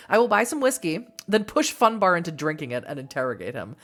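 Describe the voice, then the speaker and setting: A woman's voice: low voice, very animated, brisk, few pauses, fairly bright tone. An American woman reading an interactive story aloud, laughing and making self-mocking asides. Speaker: player of interactive fiction. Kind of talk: casual playthrough narration. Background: faint music.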